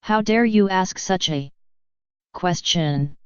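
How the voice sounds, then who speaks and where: A woman's voice: on the low side, slow pace, clear, resonant tone, no room sound, muffled recording. A woman voicing an indignant schoolgirl who threatens to complain to her parents. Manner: outraged, threatening. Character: indignant schoolgirl, easily offended.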